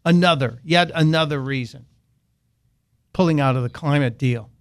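A man's voice: fairly high pitch, normal speed, smooth. Sarcastic male talk radio host. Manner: sarcastic, mocking.

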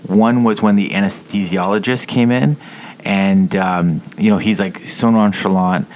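A man's voice: sits low, unhurried. A man in casual conversation, telling funny stories and quoting people as he goes. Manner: laid-back storyteller, quotes people in lively bursts. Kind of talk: casual chat. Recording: background noise.

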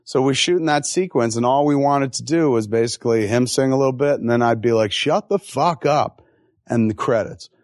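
Animated, profane male film director. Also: medium pitch, quick pace, hardly any pauses, dry recording, clean studio sound. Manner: animated, profane storyteller who acts out quotes. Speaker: film director being interviewed. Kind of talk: casual interview talk.

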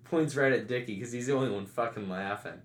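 A man telling a funny story in casual chat, breaking into loud shouted impressions. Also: mid-range voice, quick pace. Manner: animated, loud shouted impressions of his dad's friends. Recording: echoey room.

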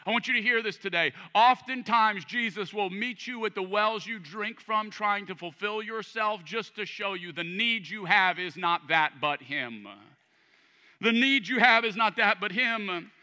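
A man's voice: high-pitched, unhurried, bright, forceful tone. A man preaching a sermon as pastor, reading scripture and building emphasis. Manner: preaching with rising emphasis, reads scripture aloud. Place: church sanctuary. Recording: church hall with long reverb.

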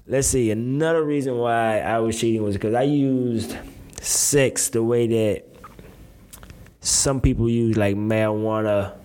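A man's voice: mid-range voice, darkish tone. A man in his twenties giving a candid, rambling confessional monologue, full of slang and restarts.

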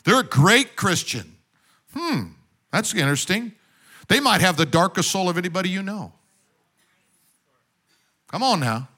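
Bright-voiced male pastor preaching conversationally. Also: sits high, very animated, measured pace, pauses often. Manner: conversational preaching, drops to soft asides. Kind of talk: sermon.

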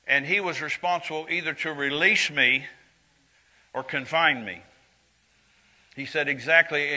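A man in his seventies preaching a sermon in a church, earnest and conversational, dropping to quiet confiding asides and rising to loud emphatic lines. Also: on the high side, rough recording. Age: 70s.

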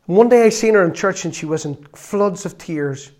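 A man's voice: high voice, expressive, normal speed. Earnest man preaching. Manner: earnest, storytelling, rises to loud exclamations. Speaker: lay preacher. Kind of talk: sermon.

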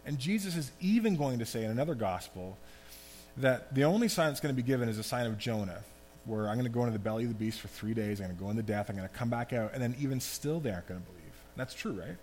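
A man giving a conversational, animated sermon as pastor. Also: mid-range voice, quick pace. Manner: conversational, animated preaching with asides. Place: church hall. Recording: long hall reverb, faint hum.

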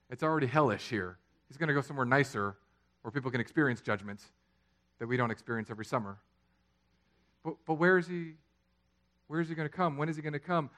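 A man, preaching a sermon that swings from loud, emphatic lines to quiet, low ones. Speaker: pastor.

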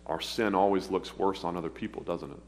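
A man preaching a sermon, earnest and pleading, with pauses as he speaks of his own past. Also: deep voice, steady tone, a little mellow. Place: church sanctuary. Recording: long hall reverb, faint hum.

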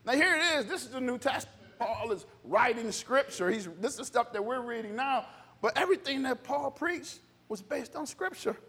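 A man's voice: very high-pitched, lively intonation, moderate pace, a bit bright, breathy edge. A man with a scratchy voice preaching a sermon as pastor, calling out for responses from the congregation. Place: church hall. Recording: reverberant hall.

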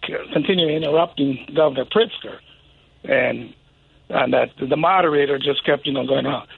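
A man's voice: mid-range voice, normal speed, creaky. A man calling in to a radio show, rambling with lots of fillers and a defensive edge. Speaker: caller. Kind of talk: phone call-in chat. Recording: tinny phone line with faint noise.

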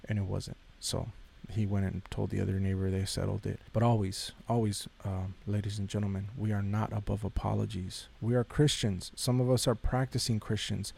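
A man's voice: on the low side, flat delivery, moderate pace, gravelly, darkish tone, slightly rough. A man hosting a podcast, giving a casual devotional talk in a conversational way, repeating phrases and addressing listeners directly. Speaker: podcast host.

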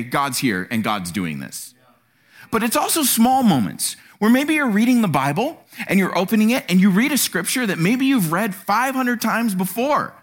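Animated male preacher with a lively voice. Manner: animated, acts out quotes with sudden pitch jumps. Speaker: pastor. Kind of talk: sermon. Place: church.

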